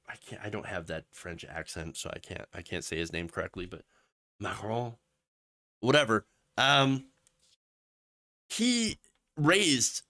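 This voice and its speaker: Speaking in a bright, forceful, mid-range voice, a man runs a political livestream where he launches into impassioned, sarcastic tirades full of mock quotes. Afterward he drifts into filler-laden asides while reading messages from chat.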